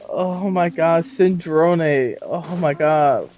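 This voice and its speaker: A young adult streamer in casual let's-play commentary, excitable and gushing, exclaiming over and over. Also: medium pitch, takes it slowly, hardly any pauses, dull audio, faint music behind.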